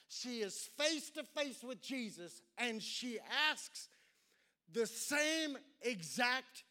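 A male pastor preaching a sermon in a dramatic way, repeating words and drawing out key phrases slowly. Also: very high-pitched, bright, forceful tone.

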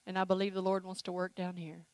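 A woman's voice: lowish voice, fast, no echo, poor audio. Woman preacher leading an altar call, emotional and playful, dry close mic. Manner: emotional, animated, playful with acted asides. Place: church sanctuary.

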